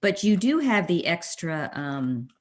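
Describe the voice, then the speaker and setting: A woman editorial cartoonist speaking on a panel, animated and quick to laugh. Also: fairly low pitch. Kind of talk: panel discussion.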